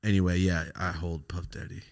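A young man hosting a podcast, telling stories in a loose, profane casual chat. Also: brisk. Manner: animated, profane storyteller doing squeaky high impressions. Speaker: podcast host.

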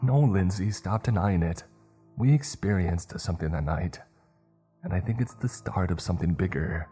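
A man's voice: sits low, animated, normal speed, dark tone, slightly rough, soft background music. A man voicing an anxious teenage boy who pleads and insists through tears in a spoken horror story. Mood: insistent.

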